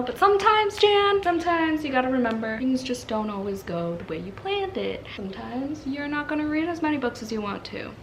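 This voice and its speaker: A woman's voice: high voice, expressive, fairly quick, hardly any pauses, slight background noise. A woman book vlogger in casual, chatty vlog talk, laughing often and gushing as she talks, recorded indoors at a friend's home.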